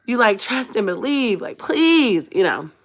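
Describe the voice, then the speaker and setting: A woman vlogger telling her viewers a personal story in a casual, animated way, full of slang and asides, laughing often and swinging between hushed and loud. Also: a little high, measured pace.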